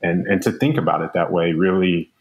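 A man in his thirties with a very low voice talks through his story as an interview guest. He is measured and explanatory and leans on fillers as he goes. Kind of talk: conversational interview.

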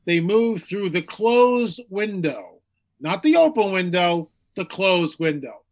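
A man's voice: high-pitched, big pitch swings, slow pace. A man from the United States, speaking as a guest in an interview with emphatic repetition and mocking quoted voices. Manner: emphatic, repeats phrases for effect. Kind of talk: animated interview talk.

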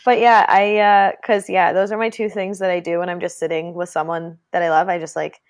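A woman's voice: lowish voice, little pitch movement, brisk, no echo, studio quality. A young woman co-hosting a casual chat with a friend, easygoing and chatty, with plenty of filler words. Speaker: co-host.

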